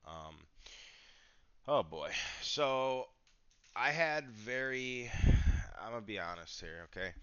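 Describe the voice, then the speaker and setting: A deep-voiced man hosts a casual podcast, swearing freely and swinging into hyped bursts. His tone is crisp and bright, with dry, slightly muffled lo-fi sound. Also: no echo. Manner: profane, excitable, hyped. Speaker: podcast host. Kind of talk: casual chat.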